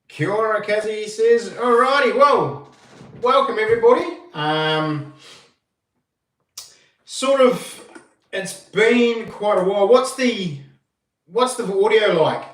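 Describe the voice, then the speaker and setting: A New Zealand man hosts a casual livestream, greeting viewers one by one at an unhurried pace. His voice sits a little high and comes from a step back from the mic. The empty room around him gives off a strong echo. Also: expressive, a bit bright, distant mic. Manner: greets viewers by name, slow and laid-back. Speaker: livestream host. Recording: echoey room, voice a bit off-mic.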